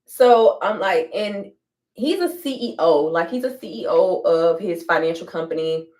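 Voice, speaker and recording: A woman's voice: fairly low pitch, animated, normal speed, darkish tone. A young adult woman telling a blunt, profane storytime while doing her hair. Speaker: vlogger.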